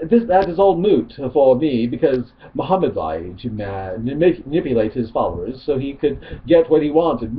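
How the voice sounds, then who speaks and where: A man's voice: on the high side, natural voice. A man voicing a snobby, haughty atheist chat user in a Stewie Griffin impression, on a dull lo-fi recording. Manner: haughty, prissy reading of a post.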